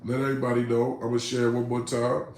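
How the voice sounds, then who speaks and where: A man's voice: mid-range voice, completely flat delivery, fast, a little mellow. A man hosting a casual livestream from home, talking in a laid-back, streetwise way with viewers. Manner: laid-back, streetwise, full of "you know what I'm saying". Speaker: livestream host. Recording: roomy, light background noise.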